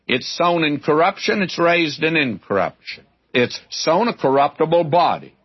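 A man's voice: a little high, slightly rough, no echo. An older man preaching a sermon, teaching through a Bible passage in a folksy, emphatic way. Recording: dull, lo-fi older recording.

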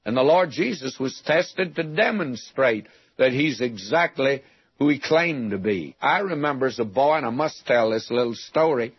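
An older preacher from West Texas teaches through a Bible passage in a folksy, homespun way, asking rhetorical questions and telling stories from his boyhood. His voice is a little husky, and the sound is dry and close. The recording is muffled and lo-fi, like an old radio broadcast. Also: medium pitch, lively intonation, moderate pace, dry recording.

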